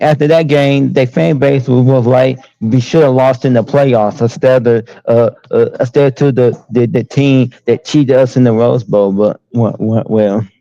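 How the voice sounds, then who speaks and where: A man on a football call-in show, speaking haltingly with many repeated words and pauses. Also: medium pitch, warm tone, dry recording, muffled recording. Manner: halting, many fillers and restarts. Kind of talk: casual call-in chat.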